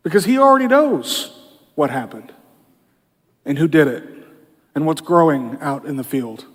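High-voiced preacher in a reverberant hall. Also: male voice, expressive, moderate pace. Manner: conversational preaching with frequent "you know". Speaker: pastor. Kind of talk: sermon.

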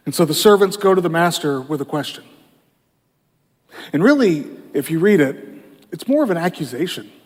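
With a husky, noticeably high voice for a man, this pastor delivers a laid-back sermon at normal speed, pausing often. He leans on "you know" as he explains, and the big sanctuary gives the sound a long echo.

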